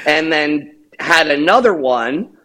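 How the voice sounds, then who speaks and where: A man's voice: fairly high pitch, animated, takes it slowly, pushed and bright. A middle-aged man co-hosting a podcast, telling a rambling, profane story with laughs. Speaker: podcast co-host. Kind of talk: casual storytelling.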